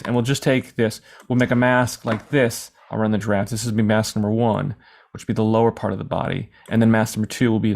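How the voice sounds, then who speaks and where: A man teaching a screen-recorded software lesson in a casual, rambling way, sometimes acting out questions from imagined viewers. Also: fairly low pitch. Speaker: software tutorial instructor.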